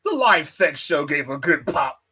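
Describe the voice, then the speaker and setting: A man's voice: on the high side, big pitch swings, unhurried, bright, forceful tone, breathy edge. A man hosting a casual wrestling podcast, swearing, laughing and mimicking wrestlers' voices. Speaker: podcast host.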